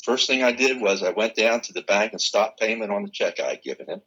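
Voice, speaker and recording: An older man, a guest in an interview, telling a personal story in an animated way and acting out the exchanges he quotes. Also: fairly low pitch, fairly quick, breathy edge, dull audio.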